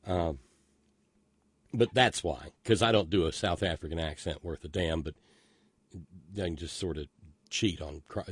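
Low-voiced sardonic male podcast host. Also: fairly bright tone, slightly rough, no room sound. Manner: sardonic and profane, rambling with many restarts. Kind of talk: casual political commentary.

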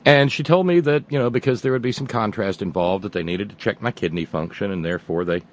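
A man's voice: on the low side, fast talker, dry recording. A middle-aged man hosting a radio show, telling a casual, rambling story with restarts and wry asides. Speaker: radio host. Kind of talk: casual monologue.

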